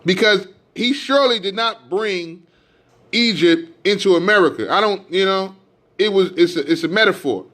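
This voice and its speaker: A man preaching a fiery street sermon, climbing to loud emphatic peaks and dropping low to explain, and reading scripture in a slower, measured cadence. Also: lively intonation.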